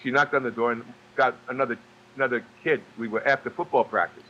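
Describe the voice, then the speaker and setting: Low-voiced man from New York, halting delivery. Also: fairly even intonation, muffled recording, a little hiss or hum. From New York, USA. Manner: halting, restarts with many fillers and repeated words. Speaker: guest, actor and singer. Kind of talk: casual storytelling interview.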